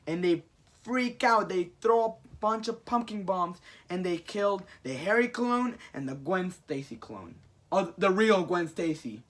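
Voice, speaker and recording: A man on a podcast, casually retelling a comic storyline and acting out the characters' lines in excited bursts. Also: high voice, unhurried. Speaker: podcast co-host recapping a comic. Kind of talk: casual chat.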